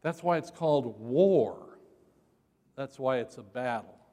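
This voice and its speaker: A male pastor preaching a sermon, who jokes with the congregation and shouts for emphasis. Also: mid-range voice, expressive, unhurried, big-room sound.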